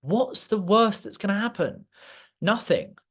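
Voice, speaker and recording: A man with a slightly raised pitch delivers a motivational talk to a live audience. He speaks clearly and with authority, direct and emphatic, pressing his points with passion. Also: very animated, a little slow, a bit bright. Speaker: guest speaker.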